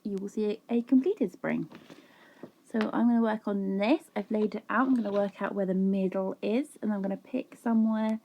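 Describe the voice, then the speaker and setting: A crafting vlogger talks informally with her audience from home, poking fun at herself as she chats. She has a mellow, medium-pitched female voice, with a little hiss or hum in the background.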